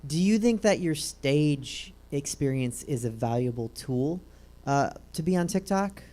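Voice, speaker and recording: Mellow, wry woman interview host. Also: low-pitched, lively intonation, a little slow. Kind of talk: casual interview chat. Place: comedy theater.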